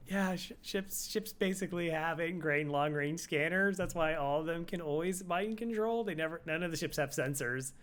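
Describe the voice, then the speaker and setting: A man's voice: on the high side, moderate pace, few pauses, fairly bright tone. A man casually reviewing a game run, laid-back, critiquing it with short quips. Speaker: co-host reviewing the old run.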